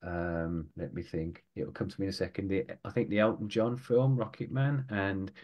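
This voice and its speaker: A man's voice: low voice, moderate pace, a little mellow. A British man, an author being interviewed on a podcast, talking in a rambling, thoughtful way and often correcting himself. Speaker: guest author.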